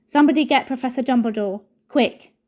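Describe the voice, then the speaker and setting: A woman's voice: sits high, a little slow, voice pushed up. A woman playing a pompous teenage head boy. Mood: sharp urgent. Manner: bustling, important, then sharp. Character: pompous young male head boy, self-important. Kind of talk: reading a novel aloud.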